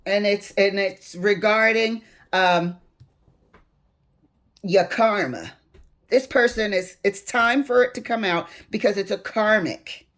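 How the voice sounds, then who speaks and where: A woman reading tarot cards, speaking emphatically to spirit as she draws them and building into heated stresses. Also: mid-range voice. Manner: emphatic, swings into heated outbursts; addresses spirit while drawing cards. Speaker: tarot reader.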